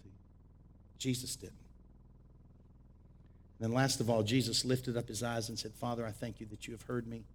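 A man preaching a sermon as pastor, shifting between shouted exhortation and quiet, close teaching. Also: medium pitch, flat delivery, moderate pace, long pauses, slight background noise.

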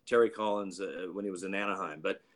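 A man's voice: low-pitched, steady tone, fast talker. A man in his late fifties, a retired baseball umpire, telling stories in a rambling way with frequent restarts and chuckles. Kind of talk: anecdotal storytelling.

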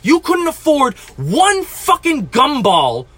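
A man's voice: very high-pitched, huge pitch swings, takes it slowly, pushed and bright. A man in his twenties from New Jersey, telling an angry, profane story about a rude customer, ranting at length. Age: 20s. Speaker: podcast host.

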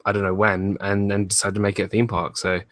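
A man's voice: fairly low pitch, little pitch movement, fast talker, fairly bright tone, dry recording. A man from the UK co-hosting a podcast, easygoing and amused as he tells stories. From United Kingdom. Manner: easygoing, reads chat questions aloud, amused storytelling. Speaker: podcast co-host. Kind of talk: casual chat.

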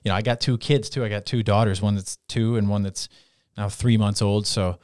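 A man in his thirties with a fairly low voice tells a story in casual chat, acting out the lines he quotes. The sound is dry and close. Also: steady tone, a little fast, darkish tone, smooth, dry recording.

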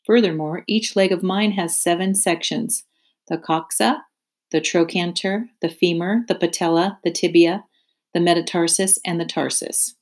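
A woman reading aloud, voicing a wise, patient female spider with a calm, measured, instructive voice. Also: on the low side, natural voice.

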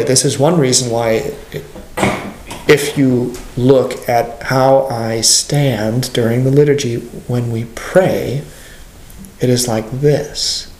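Animated man teaching a class. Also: mid-range voice, echoey room, a little hiss or hum. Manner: animated, plays out dialogues, asks the class questions.

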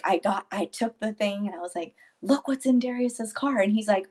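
A woman in her forties tells a moving family story as an interview guest. She stays steady through the tears and brings the people she quotes to life. Her voice sits at a middle pitch. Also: normal speed. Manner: tearful yet steady, quotes others in lively voices. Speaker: guest, grieving mother. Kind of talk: emotional personal storytelling.

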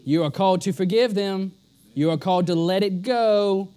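A man delivering a sermon in a notably high voice. He presses each point hard and often says it twice for weight. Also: normal speed, warm tone, smooth. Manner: emphatic, repeats lines for stress. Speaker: preacher.

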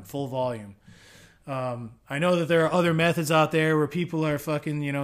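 Profane, rambling man explaining homebrewing. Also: a little high. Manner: rambling, profane, frequent fillers. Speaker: homebrewing show host. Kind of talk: casual explainer monologue.

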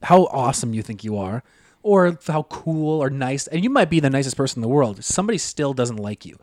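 A man co-hosting a casual podcast, laid-back with deadpan asides. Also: mid-range voice, fairly quick, no echo, clean studio sound. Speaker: podcast co-host. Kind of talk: casual chat.

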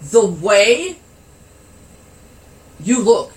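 A man's voice: high voice, sing-song, extremely slow. A man casually telling a funny story, giggling and laughing as he goes, and swearing freely. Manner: giggly, laughs through his anecdote. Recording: roomy, with faint background noise.

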